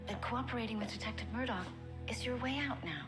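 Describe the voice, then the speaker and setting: An actress playing a kind woman in a period TV drama who speaks gently and reassuringly. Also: a little high, quick pace, music in the background, lightly acted.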